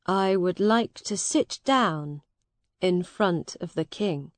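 A woman voicing a kind, tired young soldier in a storybook reading, gentle and patient. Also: lowish voice, lively intonation, slow pace, no room sound.

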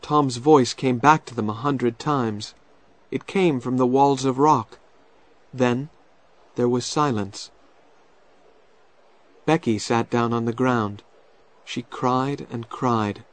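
A man narrating a children's storybook in a slow, clear and expressive way. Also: medium pitch.

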